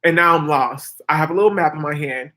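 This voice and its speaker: Talking fast in a low voice, a twentysomething vlogger relays a story to her audience. Her chatty, animated style is packed with "like" and "girl."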